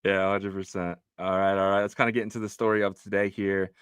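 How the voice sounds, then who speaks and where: A man's voice: low-pitched, flat delivery, fast talker, clean tone, no echo. A man co-hosting a casual crypto livestream, reading news and viewer comments aloud with lots of fillers. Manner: reads tweets and news aloud with frequent fillers. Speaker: livestream co-host.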